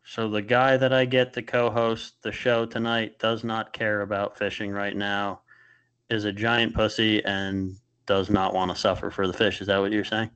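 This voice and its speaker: Mężczyzna o gładkim, dźwięcznym głosie, przytłumione nagranie. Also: male voice, fairly low pitch, little pitch movement, moderate pace, a bit bright, smooth, highs cut off. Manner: joking, loose, with fillers. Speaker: podcast host. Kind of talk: casual podcast chat.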